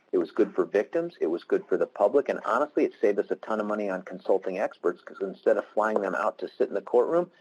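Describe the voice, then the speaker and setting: Man, very low voice, husky, webinar talk, candid, wry humor. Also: darkish tone, muffled recording. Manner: candid, anecdotal, self-deprecating humor. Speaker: prosecutor presenting a webinar. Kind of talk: webinar presentation.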